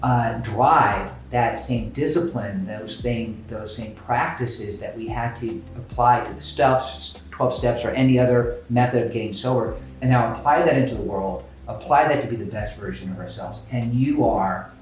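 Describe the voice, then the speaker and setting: A man's voice: medium pitch, moderate pace, hardly any pauses, a little hiss or hum. A man hosting an interview, talking with enthusiasm in casual chat. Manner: enthusiastic, animated storytelling. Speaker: podcast host. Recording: echoey room with faint music.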